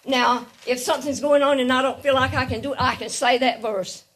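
A woman's voice: sits high, steady tone, fairly quick, fairly bright tone, far from the mic, low-quality recording. A woman giving a guest sermon, earnest and repetitive, often laughing lightly between her points. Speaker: guest speaker.

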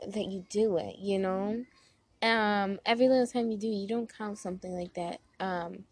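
A woman's voice: medium pitch, a little mellow. A young woman giving relationship advice in a casual, earnest way to her viewers, with lots of filler words. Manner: chatty, earnest, many "like" fillers. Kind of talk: casual talk to camera.

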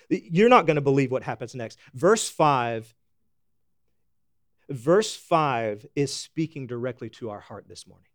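A man preaching a sermon, folksy and animated, swinging from loud exclamations to hushed emphasis. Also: mid-range voice, dry recording, clean studio sound. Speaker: pastor.

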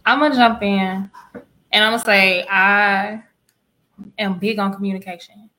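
A woman's voice: mid-range voice, steady tone, a little slow, pushed and bright, poor audio. A woman, telling parenting stories in a casual panel talk and acting out the dialogue. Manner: emphatic storytelling, acts out dialogue.

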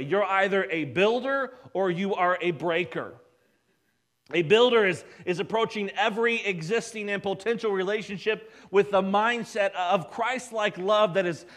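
A man preaching a sermon, emphatic, often dropping his voice low and quiet for weight. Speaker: pastor.

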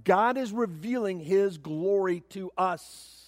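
A man's voice: high-pitched, takes it slowly, no echo. Man preaching with emphatic rises. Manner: emphatic, rises loud on key phrases, repeats words. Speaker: pastor. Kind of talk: sermon. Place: church sanctuary.

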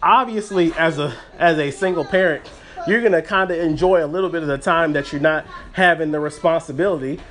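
A man's voice: fairly high pitch, brisk, fairly bright tone. A man hosting a podcast, telling a story as a casual, rambling rant full of fillers and restarts. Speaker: podcast host.

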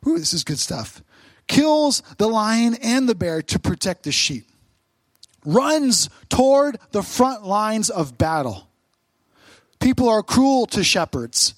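A man's voice: high-pitched, sing-song, slow pace, no echo. A man preaching a sermon as pastor, stressing short repeated phrases.

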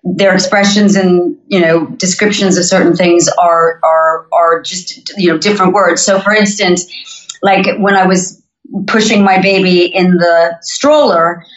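A woman's voice: fairly low pitch, fairly even intonation. Upbeat North American woman, roomy lo-fi call. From Montreal, Canada. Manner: upbeat, chatty, quick to laugh. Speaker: singer-songwriter guest. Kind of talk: casual interview chat. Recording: roomy, dull lo-fi remote audio.

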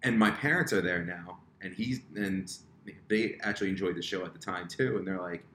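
A man's voice: sits low, moderate pace, a bit bright. A man telling a story on a casual podcast, self-mocking, acting out the lines of the people in it. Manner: self-mocking, acts out quoted dialogue. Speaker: podcast guest. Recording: roomy echo, faint room noise.

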